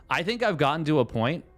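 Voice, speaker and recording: Relaxed Canadian man casting a tournament. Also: a little high. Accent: Canadian English. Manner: relaxed, chatty, answers viewers aloud. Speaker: tournament caster. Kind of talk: casual live commentary and chat reading.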